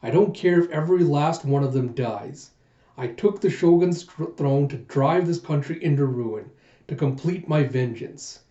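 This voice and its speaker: A man's voice: fairly high pitch, normal speed, dark tone, natural voice. A man voicing a bitter, vengeful male usurper shogun with a resentful, brooding delivery, in a muffled echoey room recording.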